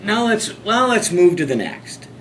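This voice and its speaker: A man presenting a class and teaching with a lively, joking manner. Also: high-pitched, measured pace, slight background noise, low-quality recording. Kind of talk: instructional presentation.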